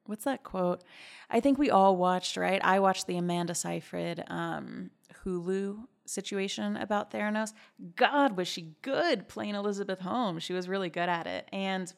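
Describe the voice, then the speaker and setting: A woman's voice: medium pitch, moderate pace, vocal fry. A woman hosting a podcast in a casual, chatty gossip style, giggling and reacting with big, exaggerated disbelief. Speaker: podcast host.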